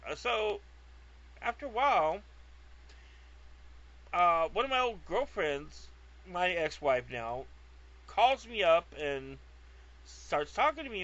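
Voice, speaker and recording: A man's voice: mid-range voice, bright, forceful tone. A man from California telling a rambling, comic story, digressive, profane and self-mocking, recorded on a lo-fi track. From California, USA. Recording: lo-fi dull sound.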